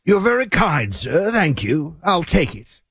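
A man's voice: fairly high pitch, very animated, unhurried, a bit bright, breathy edge, no room sound, studio quality. A man co-hosting a radio talk show, joking and teasing his partner in casual banter. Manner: playful, teasing.

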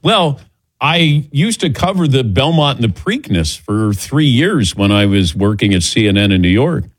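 A man's voice: mid-range voice, very animated, normal speed, slightly rough, dry recording. Middle-aged male radio host, casual storyteller, dry close mic. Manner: storytelling, acts out quoted voices. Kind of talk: casual sports radio chat.

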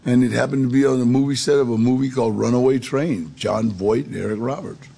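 A middle-aged man with a gravelly voice telling his life story in a street-casual, gritty way. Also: mid-range voice, fast, mellow. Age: 40s or older. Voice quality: gravelly, husky. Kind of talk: storytelling testimony.

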